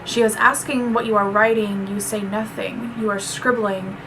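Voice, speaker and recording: A woman's voice: mid-range voice, steady tone, normal speed, noisy background. A woman reviewing a poetry book, earnest and chatty, reading poems aloud between her remarks.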